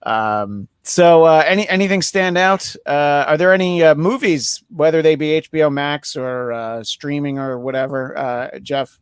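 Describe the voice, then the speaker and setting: A man hosting a podcast in casual chat, rambling and joking with many filler pauses. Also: a little high, clean tone, dry recording, clean studio sound. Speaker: podcast host.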